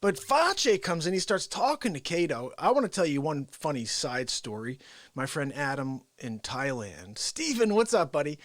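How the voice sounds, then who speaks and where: A man hosting a live, unscripted daily variety stream, excitable and laughing, shouting out greetings to viewers. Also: a little high, moderate pace, no room sound.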